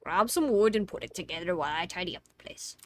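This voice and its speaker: A woman's voice: fairly low pitch, animated, fast talker, a little hiss or hum, lightly acted. A woman voicing a cheerful, encouraging male game character in a vague put-on accent. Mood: bossy.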